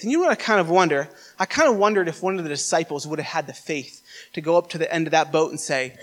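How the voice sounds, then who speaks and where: High-voiced male pastor preaching fervently. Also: fast talker, a bit bright. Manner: storytelling, builds to fervent, emphatic exhortation. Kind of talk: sermon. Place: church morning service.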